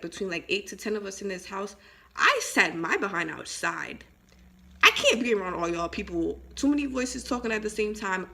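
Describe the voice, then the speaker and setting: A woman's voice: medium pitch, gravelly, sharp tone. A young woman vlogging at home, chatting casually and rambling, with lots of filler words and emphatic asides. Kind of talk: casual storytime chat.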